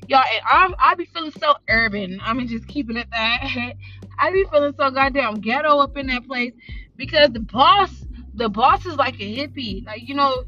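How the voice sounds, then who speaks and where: A woman from South Central hosting a podcast, telling a work story in animated, slangy, unfiltered casual chat and acting out her coworkers' lines. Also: sits high, moderate pace, dull audio, a little hiss or hum. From South Central Los Angeles. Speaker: podcast host.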